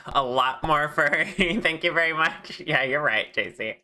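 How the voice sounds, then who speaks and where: A streamer chatting casually and warmly with viewers during a live modeling stream, laughing often. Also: mid-range voice, unhurried.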